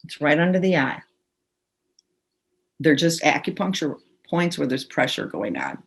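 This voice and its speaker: A woman's voice: low-pitched, big pitch swings, a little slow, gravelly, slightly rough. A woman guiding a group through a tapping session over a video call, giving instructions and leading phrases for them to repeat aloud. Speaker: tapping practitioner. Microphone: computer mic on a video call.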